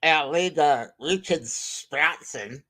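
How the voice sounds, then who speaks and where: A man's voice: on the high side, slow, bright, forceful tone, full character voice. A man voicing a simple-minded, rowdy Brussels sprout, in an improvised comedy bit.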